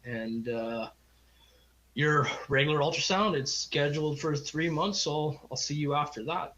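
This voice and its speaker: Forceful and bright, the middle-aged Canadian's voice rises to a fairly high pitch at normal speed. As a podcast guest he tells a long personal story with rambling sincerity, acting out the people he quotes, in a casual interview recorded on slightly dull lo-fi audio.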